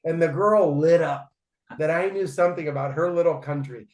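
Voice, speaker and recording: A man's voice: on the high side, moderate pace, darkish tone. A man in his forties, a podcast guest, telling stories emphatically and often checking in with "right?". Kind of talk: casual interview storytelling. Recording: roomy echoey room.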